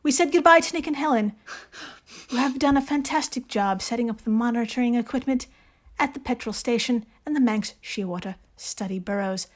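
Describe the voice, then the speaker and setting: A woman's voice: fairly high pitch, brisk, lightly acted. A woman putting on an attempted British accent to voice a genteel, prim lady of letters reading a diary entry.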